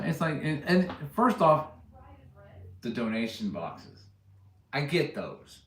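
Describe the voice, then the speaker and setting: This man's casual livestream is full of rambling, joking with viewers, and laughter at his own stories. His mid-range voice is a bit bright and sing-song, slow and frequently paused, with reverberant sound around it.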